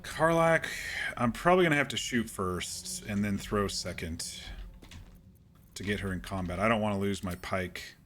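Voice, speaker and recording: A man casually commenting while playing a video game, muttering plans to himself with sudden excited outbursts. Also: lowish voice, normal speed. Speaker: gaming channel host.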